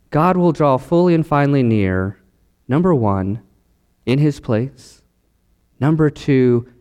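A male pastor giving a sermon, measured at first and then building to emphatic, rising declarations. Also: medium pitch, a little mellow, big-room sound.

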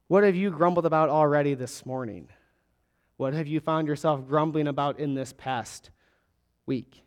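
High-voiced man preaching in a reverberant hall. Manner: emphatic, rising and falling delivery with long pauses. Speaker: pastor. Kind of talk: sermon. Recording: long reverb of a large hall.

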